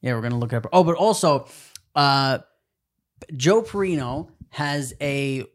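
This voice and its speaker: A man co-hosting a podcast in loose, casual banter. He talks in a jokey, easygoing way and laughs readily. His pitch sits in an ordinary middle range. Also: animated, a little slow. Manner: jokey, laughs often, does goofy voices. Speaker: podcast co-host.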